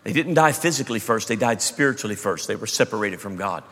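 A man preaching a sermon, emphatic, moving between loud bursts and hushed asides. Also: lowish voice, expressive, fast talker, slightly rough. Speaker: pastor. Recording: long hall reverb.

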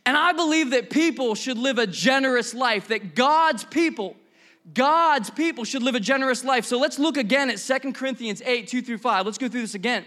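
This man's voice is very high-pitched and moves at normal speed as he preaches as a pastor, storytelling in an animated, conversational way with bursts of emphasis.

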